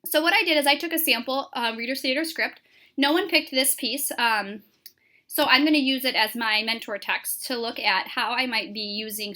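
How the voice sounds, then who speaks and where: A woman teacher giving a recorded lesson to her class, explaining clearly with frequent "um" fillers. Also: on the high side, sharp tone.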